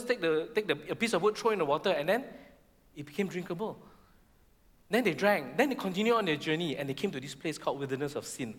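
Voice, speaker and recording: A middle-aged man, preaching a sermon in a church hall and acting out voices in animated bursts. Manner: animated, acts out the Israelites' complaints in high voices. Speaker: pastor. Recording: long hall reverb.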